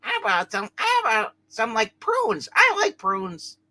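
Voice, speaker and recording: A man's voice: high-pitched, huge pitch swings, unhurried, pushed and bright, voice pushed up, full character voice. A man voicing a dim-witted, childish male crook in a live comic reading. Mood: dopey. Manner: childish, dopey.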